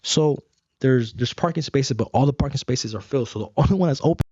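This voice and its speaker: A young man telling a story in casual talk, animated and acting out the voices of others. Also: medium pitch, fast, breathy edge, dry recording, dull audio. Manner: animated, acts out voices in stories, swears a lot. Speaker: guest.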